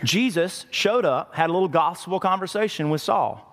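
A man's voice: high-pitched, animated, normal speed, fairly bright tone. Man, pastor, conversational sermon, repeats words for emphasis, reverberant hall.

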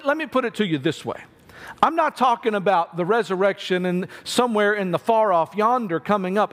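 A man's voice: sits high, a bit bright, in a large hall. A man preaching an Easter sermon in a church, retelling the story in a conversational way and acting out the people's voices. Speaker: pastor.

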